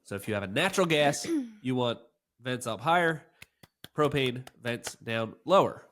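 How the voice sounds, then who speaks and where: A man's voice: mid-range voice, big pitch swings, unhurried, fairly bright tone. A man co-hosting a podcast in casual chat, sounding nasal and congested from a cold, joking and quizzing his co-host. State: congested, sick voice.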